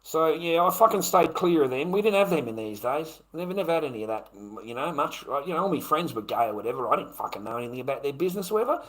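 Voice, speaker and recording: Speaking quickly and barely pausing, this middle-aged Australian livestreamer delivers a long, profane, rambling monologue, ending line after line with "mate." The voice is slightly high and animated, and the audio quality is poor.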